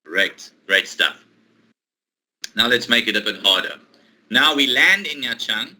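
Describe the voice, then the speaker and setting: A man teaching English one-to-one, explaining a role-play exercise patiently, step by step, with pauses. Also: mid-range voice, animated, bright, forceful tone, low-quality recording. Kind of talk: online one-to-one English lesson.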